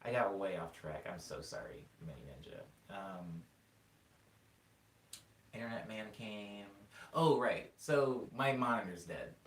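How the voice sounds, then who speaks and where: A man's voice: on the low side, unhurried, far from the mic. A young man streaming, chatting casually to viewers and wandering off track as he tells stories. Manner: rambling, animated storytelling with filler words. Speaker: music streamer answering chat. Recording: echoey room, voice a bit off-mic.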